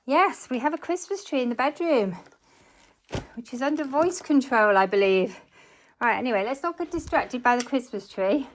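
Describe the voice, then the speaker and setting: A woman's voice: sits high, animated, moderate pace, slight background noise. A woman chatting casually to the camera while she cleans her home, thinking aloud and poking fun at herself, recorded on a phone strapped to her chest. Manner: chatty, thinks aloud, self-mocking asides. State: slightly out of breath. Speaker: cleaning vlogger. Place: home, indoors. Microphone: phone worn on a chest harness.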